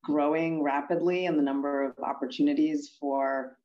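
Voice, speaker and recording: A woman from Pennsylvania, speaking as a guest in an interview, thoughtful and halting with many fillers. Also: deep voice, steady tone, dull audio, slight background noise. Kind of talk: conversational interview answers.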